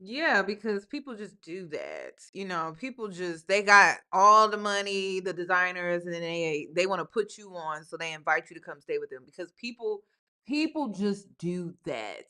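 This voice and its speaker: Giving casual commentary on a video, a woman host speaks in an animated, emphatic way and repeats lines for effect. Her voice is lowish and smooth, at a normal speed.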